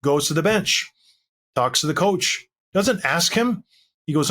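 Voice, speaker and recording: A man's voice: a little high, animated, measured pace, a bit bright. A man co-hosting a sports podcast, telling stories in an emphatic, fired-up way during casual chat. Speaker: podcast co-host.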